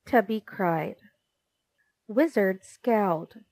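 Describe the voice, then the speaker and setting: A woman narrating a children's storybook in an expressive reading. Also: mid-range voice, no room sound. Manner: slow, expressive.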